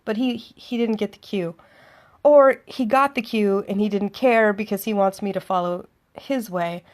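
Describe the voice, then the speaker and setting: Speaking at a normal pace with a medium-pitched voice, a female vlogger spins a dating anecdote. She keeps it chatty and sardonic, playing out both halves of the exchange.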